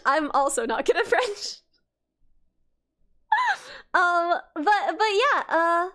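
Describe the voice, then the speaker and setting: A woman's voice: very high-pitched, animated, slow, bright, forceful tone. A young woman livestreaming, chatting casually with her viewers in a rambling way, with lots of restarts and fillers and frequent laughs. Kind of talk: casual chat with stream viewers.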